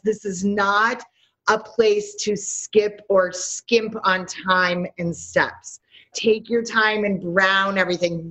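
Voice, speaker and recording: A middle-aged woman chef in an interview, talking in an animated, storytelling way and laughing often. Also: medium pitch. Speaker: chef guest. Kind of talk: interview conversation. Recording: slightly dull lo-fi audio.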